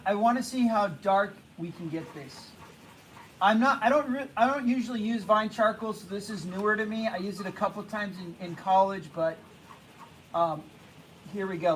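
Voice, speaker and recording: A young man teaching a drawing class, talking casually and haltingly, repeating himself and hushing the students. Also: sits high, slight background noise, poor audio. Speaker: art teacher.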